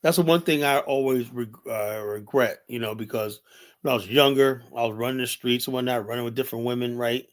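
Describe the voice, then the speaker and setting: A man's voice: mid-range voice, brisk. Blunt, profane middle-aged man ranting. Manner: profane, rambling, leans on "you know"; blunt and heated. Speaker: livestream host. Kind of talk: unscripted livestream commentary.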